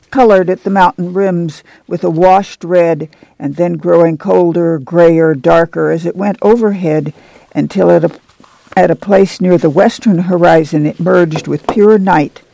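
A man reading a novel aloud in even, descriptive narration. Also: high-pitched, measured pace, creaky, poor audio. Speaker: audiobook reader.

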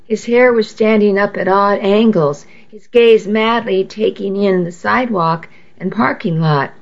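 A woman reading a first-person novel aloud in a measured, intimate storytelling manner, heard on a dull lo-fi recording. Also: mid-range voice. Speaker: audiobook narrator.

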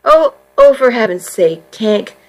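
Uma mulher fazendo uma adolescente insegura mas decidida, que fala com seriedade e às vezes impaciência. A voz é um pouco aguda e o ritmo é vagaroso. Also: female voice, fairly high pitch, lively intonation, a little slow, soft background music, low-quality recording. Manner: earnest, sometimes impatient. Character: insecure teenage girl, earnest and determined.

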